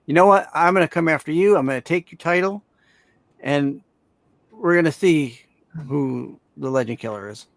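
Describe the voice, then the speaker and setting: A man's voice: on the high side, normal speed, dry recording, lightly acted. A man doing a brash veteran wrestler issuing a challenge. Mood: defiant.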